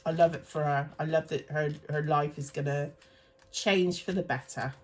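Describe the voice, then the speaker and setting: A woman's voice: deep voice, steady tone, normal speed, a little mellow, a little hiss or hum. A woman in her thirties, chatting casually and rambling as she sorts cash into budget envelopes. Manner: chatty and rambling, self-correcting. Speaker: cash stuffing vlogger. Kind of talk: casual chat while budgeting.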